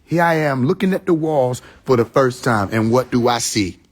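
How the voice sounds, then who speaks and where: A man hosting a casual livestream, ranting with lots of swearing and mocking laughter, swinging between loud outbursts and mutters. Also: medium pitch, moderate pace. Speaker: livestream host. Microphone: phone.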